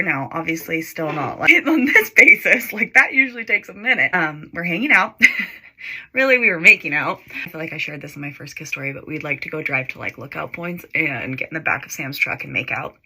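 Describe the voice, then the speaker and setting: Gravelly bright young woman telling a story. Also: on the low side. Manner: chatty, lots of "like", laughs while telling. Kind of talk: casual storytime.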